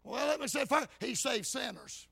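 High, gravelly hollering preacher man. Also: animated, moderate pace, dry recording. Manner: shouts, punctuating with "amen" and "hey". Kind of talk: hollering revival sermon. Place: church.

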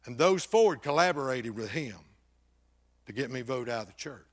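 An older man, a pastor telling a personal testimony that swings between loud bursts and hushed, near-whispered passages. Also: mid-range voice, animated, moderate pace.

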